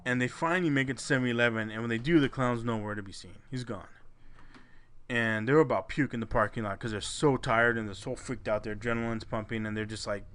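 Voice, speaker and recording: A man's voice: medium pitch, fast, a bit bright, smooth. A man co-hosting a podcast, casually retelling a listener's scary story with swearing and restarts. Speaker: podcast co-host.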